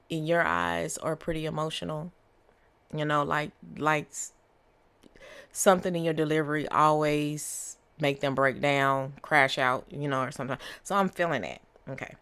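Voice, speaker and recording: Low-voiced woman giving a tarot reading. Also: a bit bright, smooth. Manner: repetitive, conversational, many fillers and "okay?". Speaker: tarot reader. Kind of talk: casual channeled tarot reading.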